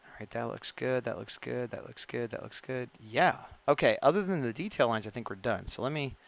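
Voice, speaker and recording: Here a man draws on stream, talking casually, murmuring to himself and reading chat messages aloud. He speaks a little fast in a gravelly, mid-range voice, captured on a lo-fi recording.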